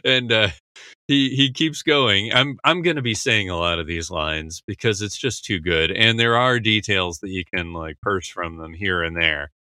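Bright, crisp-voiced rambling podcast host. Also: male voice, lowish voice, normal speed, no echo. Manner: rambling, heavy on fillers. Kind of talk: casual podcast episode discussion.

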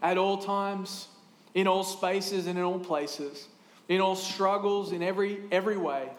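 A man in his thirties preaching a sermon in a lively, conversational way, with quick asides and restarts. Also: sits high, echoey room. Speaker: pastor.

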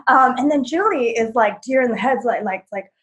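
Lively young woman telling a story. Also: fairly high pitch, moderate pace. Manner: animated, lots of "like", acts out quotes loudly. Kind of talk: personal story on stage.

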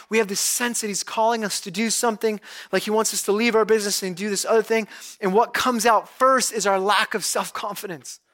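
A male pastor giving a conversational, animated sermon, retelling scripture as a story. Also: sits high.

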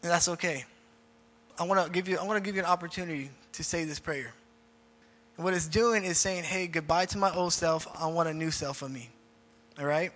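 A man preaching as a youth pastor in a casual, repetitive style, leading a group prayer. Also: fairly high pitch. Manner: informal, repeats phrases, leads group prayer. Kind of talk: casual youth sermon with altar call. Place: church hall. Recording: reverberant hall with faint music.

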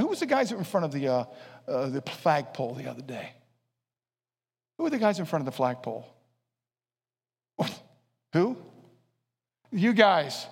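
A man preaching in a large hall. His voice sits high, and the room gives it a long, ringing reverb. He swings from hushed, mumbled impressions of excuses up to loud, shouted exhortation. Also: slightly rough. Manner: animated, swings from quiet asides to shouting; acts out listeners' excuses in a low mumble. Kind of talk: sermon.

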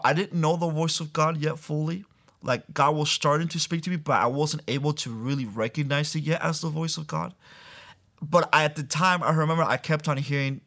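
A young man sharing a personal faith testimony as an interview guest, earnest and storytelling, acting out the voices he quotes and laughing softly now and then. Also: fairly high pitch.

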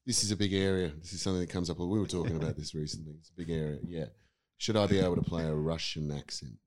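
A man's voice: low-pitched, fairly even intonation, fast, a little mellow. A middle-aged man, a guest acting teacher, musing thoughtfully in a casual podcast chat with frequent restarts.

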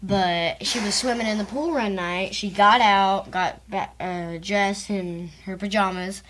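A woman's voice: medium pitch, steady tone, measured pace, a bit bright, slight background noise. A young woman from Texas, co-hosting a podcast and retelling a story in casual chat, with lots of fillers. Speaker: podcast co-host, host's daughter.

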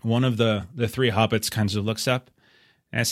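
A man narrating a tabletop game as game master, relaxed and halting, with frequent fillers. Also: lowish voice, no echo, studio quality.

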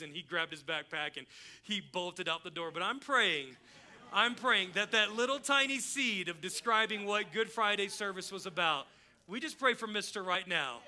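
A middle-aged pastor delivers a sermon in a church with a high, bright, ringing voice. He preaches like he is chatting, telling stories and playing out both sides of a conversation. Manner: conversational storytelling preacher, acts out dialogue. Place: church sanctuary.

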